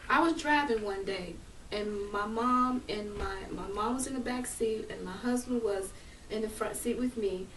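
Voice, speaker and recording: A woman's voice: fairly high pitch, a little hiss or hum. An older woman telling heartfelt family stories, laughing and emotional at times. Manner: warm, laughing, emotional storytelling. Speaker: speaker at a family gathering. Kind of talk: heartfelt storytelling. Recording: echoey room, voice from far off.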